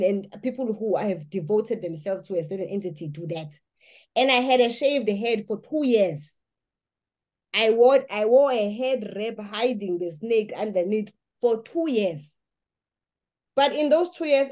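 A woman's voice: on the high side, a little mellow. Earnest woman telling her testimony. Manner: earnest, emphatic storytelling with frequent restarts. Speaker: guest giving a testimony. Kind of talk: personal testimony.

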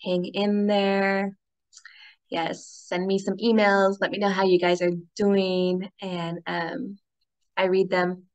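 A woman's voice: medium pitch, level tone, slow pace. A woman hosting a spiritual healing talk, speaking casually and affectionately to her listeners, laughing often and squealing when retelling happy moments. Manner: affectionate sign-offs and encouraging asides. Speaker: spiritual healing podcast host.

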